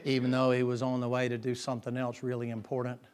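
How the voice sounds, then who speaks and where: A man's voice: mid-range voice, completely flat delivery, fast talker, a crowd in the background. Man preaching, folksy, dynamic, drops to whispers. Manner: folksy, swings from loud to whispered. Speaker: pastor. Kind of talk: sermon.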